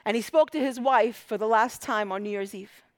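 A woman from Egypt preaching a sermon with passion, dropping to hushed whispers and rising to loud emphatic peaks. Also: fairly high pitch, normal speed.

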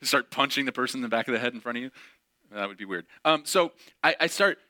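A young man tells a personal story from the pulpit, lively and expressive. He acts out each quoted line in a bright, forward voice. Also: mid-range voice, fast. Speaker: speaker. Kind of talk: storytelling sermon.

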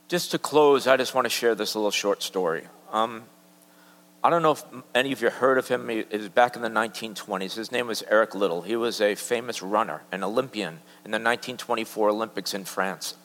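A man, a church elder, preaching a sermon. He swings from loud, emphatic high peaks down to soft, near-whispered lines. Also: fairly quick, long reverb tail.

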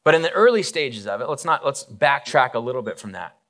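A man preaching a conversational sermon, retelling a story in a casual, animated way with asides and fillers. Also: mid-range voice, brisk. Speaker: pastor.

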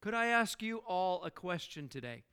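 A man's voice: sits high, big pitch swings, normal speed, bright, forceful tone, smooth. A man preaching a sermon in church, earnest and full of rhetorical questions, often repeating words as he builds a point. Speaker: pastor.

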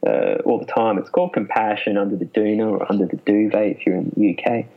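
Man, husky and low, energetic guest explainer, muffled lo-fi recording. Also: quick pace. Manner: animated, laughs often. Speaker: clinical psychologist guest. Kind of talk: casual interview talk. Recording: muffled lo-fi sound.

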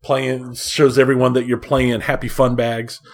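A man hosting a podcast, chatting casually and running through gaming news in a relaxed way. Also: mid-range voice, a little slow. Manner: relaxed, with frequent restarts. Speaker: podcast host. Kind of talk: casual chat and news rundown.

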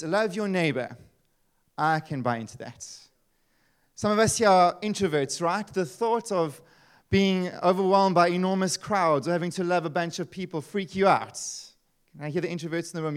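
A man in his thirties preaches a sermon. He talks in a lively, chatty way, full of asides and rhetorical questions. His voice sits a bit high for a man. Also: a little fast, smooth. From South Africa. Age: 30s. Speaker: pastor.

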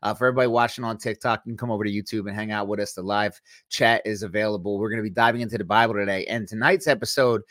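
Energetic man on a dry mic. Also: fairly low pitch, dry recording. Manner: energetic, quick to joke. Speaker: podcast co-host. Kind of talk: casual chat.

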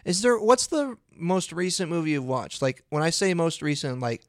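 A man's voice: on the high side, sing-song, normal speed, no room sound, studio quality. A man co-hosting a podcast in casual chat, playful and teasing. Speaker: podcast co-host.

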